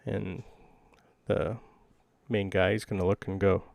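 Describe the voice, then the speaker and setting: A man's voice: low-pitched, little pitch movement, measured pace, creaky, a little mellow. A man running a tabletop game as game master, describing scenes casually with frequent ums.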